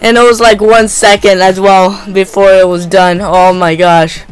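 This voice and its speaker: Male gaming host, unhurried delivery, jumpy and exclamation-heavy while playing. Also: sits high, soft background music. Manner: excitable, lots of gasps and repeated exclamations. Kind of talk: live gameplay commentary.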